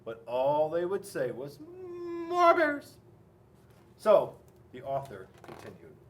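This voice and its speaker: A man's voice: mid-range voice, unhurried, far from the mic. A man, a police officer, reading a children's picture book aloud in a playful, exaggerated way. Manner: playful, animated, exaggerated storyteller. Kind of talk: children's storybook read-aloud.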